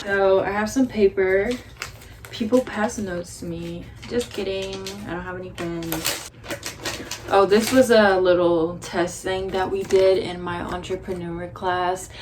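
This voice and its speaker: A teenage girl tells a story in a casual vlog, chatty and blunt and quick to swear. Her voice sits at a middle pitch for a woman. A faint background hiss stays under her talk. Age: teens. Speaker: vlogger.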